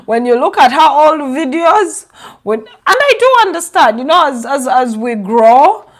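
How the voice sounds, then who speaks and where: A woman's voice: sits high, very animated, measured pace. A young woman from Uganda, a vlogger giving sarcastic casual commentary with a lot of laughing.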